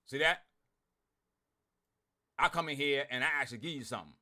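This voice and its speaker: A man ranting bluntly to his online group, swearing a lot, repeating himself and swinging from loud outbursts to muttering. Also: medium pitch, fairly quick. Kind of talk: heated profane rant to followers.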